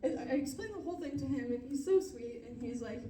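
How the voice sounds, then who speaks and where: High-voiced woman rambling through stand-up. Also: lively intonation, quick pace, dark tone, echoey room, distant mic, slight background noise. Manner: rambling, self-deprecating storytelling with frequent laughs. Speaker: stand-up comedian. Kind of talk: stand-up comedy set.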